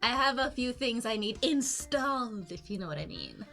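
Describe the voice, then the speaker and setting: A woman at a tabletop game session, talking casually and playfully. Her voice is bright and sits somewhat high. Faint music plays behind her. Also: expressive, moderate pace, vocal fry. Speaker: player.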